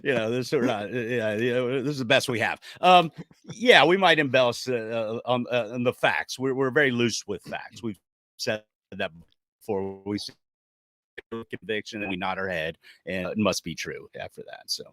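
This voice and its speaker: A man co-hosting a podcast, telling a story in a lively casual way and acting out the people he quotes. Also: mid-range voice, moderate pace, dry recording. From Jacksonville, Florida. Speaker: podcast co-host.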